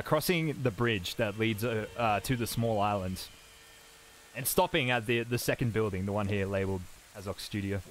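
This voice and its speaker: A man narrating as game master of a tabletop game, rambling and halting with many fillers. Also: mid-range voice, a bit bright, slight background noise.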